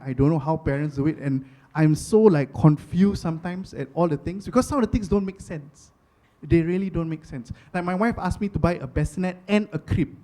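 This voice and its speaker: A stand-up comedian with a Singaporean accent and a fairly high man's voice. He talks in a chatty, conversational rhythm, loops back on his own phrases and punches them harder each time. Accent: Singaporean English. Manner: animated, chatty, rhetorical repetition.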